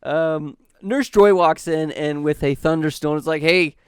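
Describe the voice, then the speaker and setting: A man's voice: on the high side, unhurried, clear, resonant tone, dry recording, studio quality. A man co-hosting a casual podcast, summarizing episodes in a laid-back way with casual swearing. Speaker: podcast co-host. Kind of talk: casual recap chat.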